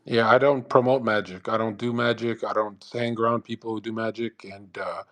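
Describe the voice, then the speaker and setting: A brash man hosting a live audio chat, talking fast and profanely and mocking others with put-on voices. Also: on the low side, steady tone, a bit bright. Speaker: host of a live audio space.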